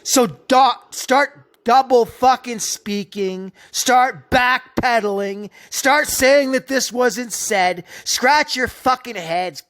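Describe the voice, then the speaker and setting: Brief: a seething man delivering a slow, profane commentary rant. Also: very high voice, fairly bright tone. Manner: profane, contemptuous, slow and emphatic. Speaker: video narrator. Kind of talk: angry ranting commentary.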